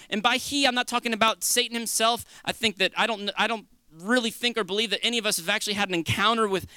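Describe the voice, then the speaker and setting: A male preacher giving an earnest, conversational sermon with dramatic shifts between loud and quiet. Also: high-pitched, smooth, no echo.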